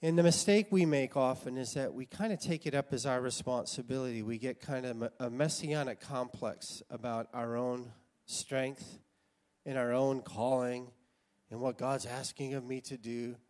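An American man in his sixties telling a personal story as a sermon, animated and laughing often. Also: medium pitch, normal speed. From United States. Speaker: preacher.

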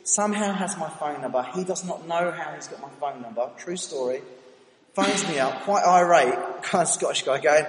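A man's voice: on the high side, normal speed, slight background noise. British man preaching in an echoing hall. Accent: British English. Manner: animated, anecdotal, self-mocking. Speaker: church speaker. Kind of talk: storytelling sermon. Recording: reverberant hall, faint ambience.

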